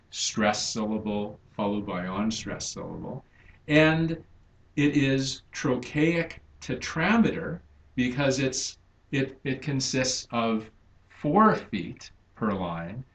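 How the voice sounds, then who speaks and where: A man giving a recorded literature lecture, speaking deliberately and stressing syllables to show the meter. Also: on the low side, fairly bright tone. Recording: echoey room.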